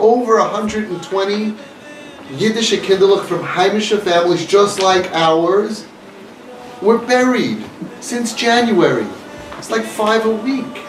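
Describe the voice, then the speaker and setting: A man giving an earnest, emphatic talk to an audience, repeating his points, recorded from a distance. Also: high-pitched. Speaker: inspirational speaker. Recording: echoey room, mic far off, faint noise.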